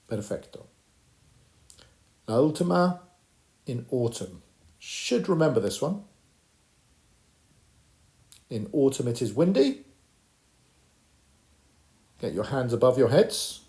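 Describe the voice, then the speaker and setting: A man teaching a primary school Spanish lesson, encouraging the children and slowly modelling phrases for them to repeat. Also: medium pitch, sing-song, mellow. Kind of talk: recorded classroom lesson.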